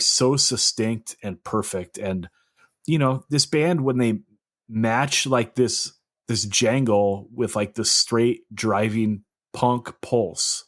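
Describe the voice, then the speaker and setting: A man with a somewhat low voice hosting a music podcast. He talks casually and enthusiastically, swearing now and then and leaning on fillers. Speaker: podcast host. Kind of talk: casual chat.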